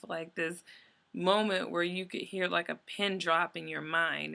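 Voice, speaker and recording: A young woman vents in a casual vlog and rambles through an exasperated story, full of fillers. Her voice is bright with a gravelly edge and sits slightly low. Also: steady tone, measured pace. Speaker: vlogger.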